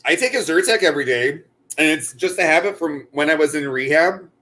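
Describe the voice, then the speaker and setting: A man's voice: a little high, lively intonation, a little fast, pushed and bright. A man co-hosting a casual chat while crocheting, rambling with many fillers and restarts. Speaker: co-host.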